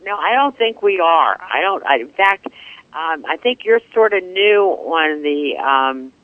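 A man's voice: on the high side, expressive, measured pace, no echo. Hesitant male caller on a tinny phone line. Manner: hesitant, rambling. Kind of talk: phone call-in chat. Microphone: telephone.

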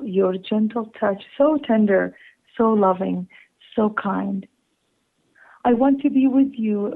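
A woman caller from Canada reading her own love poem slowly and tenderly over the phone. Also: medium pitch, vocal fry. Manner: slow, tender recital with laughing asides. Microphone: telephone. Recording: tinny phone line.

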